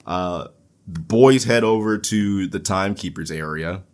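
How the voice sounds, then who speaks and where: A man's voice: sits low, unhurried. A man hosting a casual wrestling recap podcast, laid-back and profane, laughing at his own slips. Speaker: podcast host.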